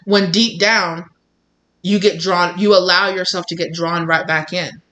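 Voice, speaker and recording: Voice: medium pitch, fairly even intonation, measured pace, sharp tone. A tarot reader talking straight to viewers, blunt and emphatic, repeating phrases and acting out what other people say. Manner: swears casually. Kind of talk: tarot reading, direct address to viewers.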